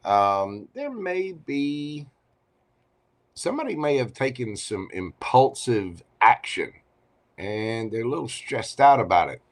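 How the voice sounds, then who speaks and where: A man's voice: mid-range voice, big pitch swings, slow. Chatty playful man reading tarot. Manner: chatty, playful, teasing asides. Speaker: tarot reader. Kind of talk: live tarot reading stream.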